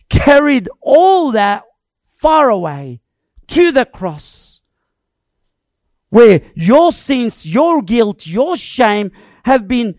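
Slow, animated preacher with dramatic swings. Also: mid-range voice, no echo, studio quality. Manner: emphatic, dramatic, varies loudness and tempo. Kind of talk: sermon.

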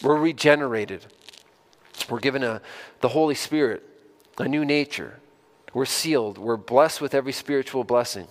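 A man's voice: medium pitch, normal speed, long pauses. A man preaching a sermon in a conversational way, often repeating words and putting direct questions to his listeners, then building to emphatic stresses. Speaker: pastor.

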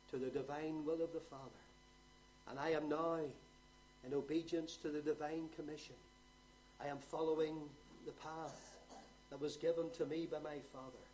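A man's voice: fairly high pitch, slight background noise, low-quality recording. Man preaching with rising fervor. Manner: swings from quiet explanation to loud rising exhortation. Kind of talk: sermon.

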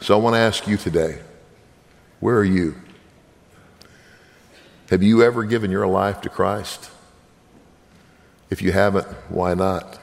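Man, minister, earnest testimony; deep, rough voice in a reverberant church. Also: fairly even intonation, a little slow, pauses often. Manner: earnest, preaching, direct appeals to listeners. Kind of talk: sermon testimony.

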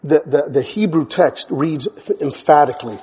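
A male pastor preaching a sermon, emphatic, hammering words through repetition and building to near shouts. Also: fairly high pitch, normal speed, slightly rough. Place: church sanctuary. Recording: church hall with long reverb.

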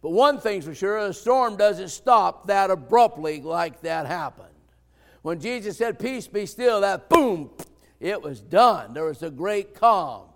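Male preacher, high voice, folksy sermon, rising to fervent shouts, reverberant church hall. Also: lively intonation, measured pace. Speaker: pastor.

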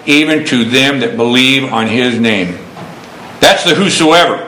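A man preaching a folksy sermon, quoting scripture between homespun stories. His voice sits a little high and comes across bright and forceful. The room around him rings with echo. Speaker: pastor.

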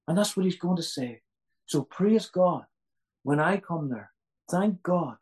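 A man's voice: on the high side, a little mellow, poor audio. A man delivers a sermon in a slightly raised voice. He is earnest and doubles back on key phrases for emphasis. He often turns to his listeners with rhetorical questions. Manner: asks the audience rhetorical questions. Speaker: preacher.

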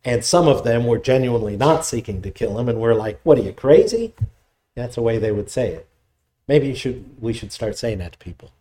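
Mellow-voiced man preaching conversationally. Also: medium pitch, brisk. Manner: conversational, paraphrases scripture in everyday voices. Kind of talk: expository sermon.

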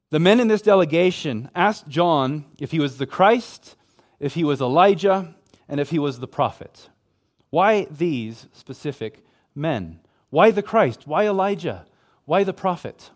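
Higher-voiced man teaching scripture. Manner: measured, emphatic, repeats phrases for stress. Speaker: Bible teacher. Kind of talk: expository sermon.

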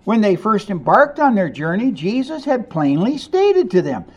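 A man preaching a sermon as pastor, moving between hushed and emphatic lines and asking the congregation rhetorical questions. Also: sits high, very animated, normal speed, dull audio.

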